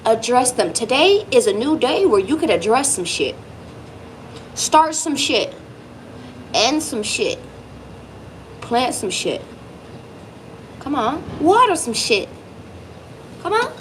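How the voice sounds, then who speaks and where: Woman doing a tarot reading, kinda high voice, super animated, swears a bit, talks right to you. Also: takes it slowly, pauses often, slight background noise, poor audio. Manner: lively, emphatic, swearing, speaks directly to the viewer. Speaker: tarot reader.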